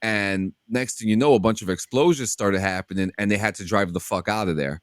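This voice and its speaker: A man's voice: on the low side, fairly quick, no room sound, studio quality. A man telling a story in a casual podcast chat. He swears a lot and acts out the people he quotes. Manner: animated, profane, acts out shouted quotes. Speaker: podcast host.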